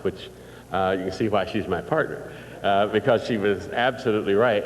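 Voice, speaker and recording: A man's voice: on the low side, a little hiss or hum. Older man telling stories in a big hall. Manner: folksy storytelling with audience questions. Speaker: motivational speaker. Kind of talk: live motivational speech. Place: large hall before an audience. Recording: distant reverberant hall recording.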